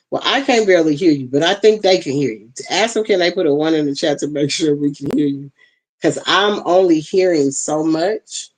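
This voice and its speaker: A chatty host on a live stream who talks straight to the chat and leans on y'all and ain't. They fuss aloud over technical trouble while teaching a class from a tablet with bone-conduction headphones on. The voice sits at an ordinary middle pitch. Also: poor audio. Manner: uses plenty of y'all and ain't.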